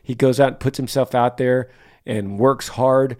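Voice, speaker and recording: A man's voice: medium pitch, steady tone, measured pace, darkish tone. A man hosting a casual advice chat, answering listener email in a blunt, folksy way. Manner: blunt, folksy, mimics voices when reading back.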